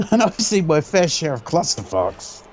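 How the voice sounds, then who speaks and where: A man's voice: on the high side, big pitch swings, measured pace, darkish tone, muffled recording, slight background noise. A man doing joking, casual play-by-play commentary, sarcastic and swearing freely.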